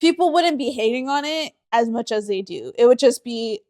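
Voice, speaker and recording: A woman's voice: a little high, expressive, normal speed, a little mellow, no room sound, studio quality. A woman from the Southern United States co-hosting a podcast, chatty and profane, rambling with frequent laughs. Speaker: podcast co-host. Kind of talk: casual podcast chat.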